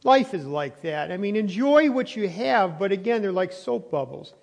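Man, high voice, pastor's sermon, chewing gum, no lapel mic, echoing church hall. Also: expressive, normal speed, gravelly, darkish tone. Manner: chews gum while preaching; conversational with restarts and rising emphasis. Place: church sanctuary. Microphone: not wearing his lapel mic. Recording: long hall reverb.

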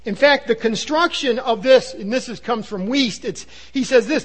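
A man preaching a sermon, earnest and emphatic, sometimes dropping to a low hush. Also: normal speed, hardly any pauses. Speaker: pastor.

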